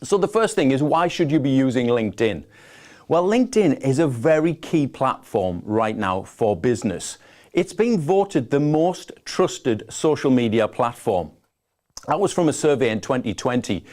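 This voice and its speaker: A man's voice: medium pitch, darkish tone. Chatty northeast English man hosting a webinar. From northeast England. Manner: chatty, enthusiastic, reads out viewer locations. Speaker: webinar host. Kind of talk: live webinar presentation. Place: home office.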